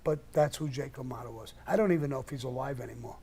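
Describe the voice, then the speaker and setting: Gravelly older man telling blunt stories. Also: medium pitch, quick pace, warm tone. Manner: blunt, profane storyteller. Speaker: live-stream host answering questions. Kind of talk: casual storytelling.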